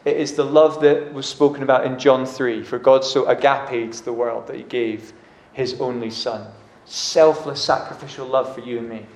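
A man's voice: mid-range voice, fairly even intonation, normal speed, hardly any pauses, a little mellow. A man preaching a casual, chatty sermon, often acting out the dialogue. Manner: conversational, uses "like" and acts out dialogue. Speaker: pastor. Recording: echoey room.

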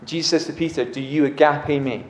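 A man's voice: a little high, fairly even intonation, fairly quick. A man preaching a casual, chatty sermon, often acting out the dialogue. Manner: conversational, uses "like" and acts out dialogue. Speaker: pastor. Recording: echoey room.

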